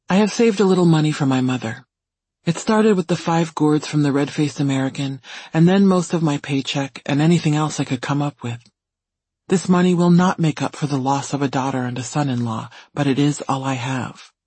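A man reading a first-person story in calm, even scripted narration. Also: fairly high pitch, breathy edge, no echo. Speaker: audiobook reader.

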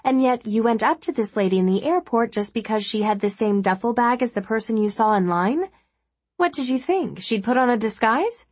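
A woman voicing a blunt, sharp-tongued woman lawyer in a storybook reading, frank and scolding. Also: on the high side, animated, normal speed, slightly rough, no echo, pitched above the performer's own voice.

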